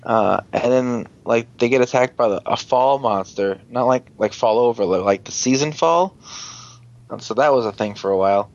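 A man tells an episode's story in a loose, rambling way, swearing and joking as he goes. His voice sits at a middling pitch. The recording sounds dull and lo-fi. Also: normal speed. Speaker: podcast host. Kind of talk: casual episode recap.

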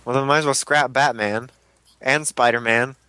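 A man's voice: mid-range voice, steady tone, normal speed, sharp tone, no echo. A man co-hosting a casual chat, cracking jokes and giggling. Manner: wisecracking, giggly. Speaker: podcast co-host.

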